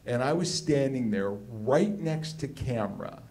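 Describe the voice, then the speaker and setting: A man from Los Angeles telling a comedic story live on stage, animated and excitable, peppering his talk with "like". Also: mid-range voice, unhurried. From Los Angeles, United States. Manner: animated, excitable, heavy use of "like".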